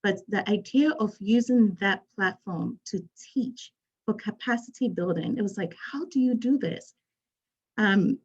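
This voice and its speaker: A woman's voice: mid-range voice, a little mellow, husky, dull audio. A woman from Ghana, a physician speaking on a panel, telling her story in an earnest, emphatic way. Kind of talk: panel talk.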